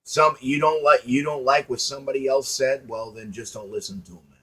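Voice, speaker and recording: A man's voice: mid-range voice, steady tone, a little fast, a bit bright. Preachy man lecturing to camera. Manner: preachy, repetitive, rhetorical questions. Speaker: online commentator. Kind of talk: motivational monologue to camera.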